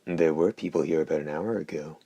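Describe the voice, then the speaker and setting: A man voicing a hoarse, wryly probing talking hand in an audiobook, in a dry, mocking manner. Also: rumbling low, steady tone, brisk, warm tone, exaggerated voice. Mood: knowing. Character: hoarse wry talking left hand, male. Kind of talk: audiobook character voice.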